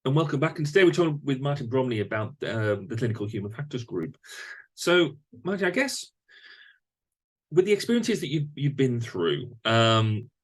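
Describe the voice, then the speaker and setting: A man's voice: medium pitch, sing-song, normal speed. A man hosting a podcast interview, talking thoughtfully with frequent fillers and restarts. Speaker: podcast host. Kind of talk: conversational interview.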